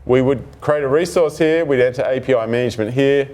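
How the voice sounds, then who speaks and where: A man's voice: medium pitch, a little fast. A man presenting a developer talk and telling a workplace story with acted-out dialogue. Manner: animated storytelling, acts out dialogue. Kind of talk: technical talk to an audience.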